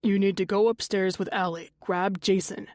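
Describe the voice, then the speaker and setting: A woman reading an audiobook, voicing a desperate father who barks orders in a lower, forceful voice. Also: steady tone, moderate pace, no room sound, clean studio sound, close to an everyday voice. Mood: commanding. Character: desperate father, commanding and enraged.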